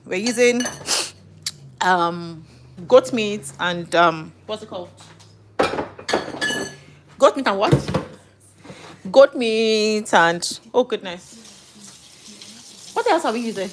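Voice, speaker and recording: A woman's voice: medium pitch, lively intonation, slow pace, pauses often, background noise. Chatty middle-aged woman cooking. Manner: chatty, thinks aloud, self-correcting. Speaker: home cook and live streamer. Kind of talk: casual live cooking chat. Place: home kitchen.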